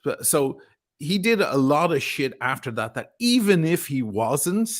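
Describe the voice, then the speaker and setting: A man's voice: a little high, big pitch swings, a little slow. A man in a heated livestream chat, ranting angrily and swearing often. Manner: angry, profane, ranting.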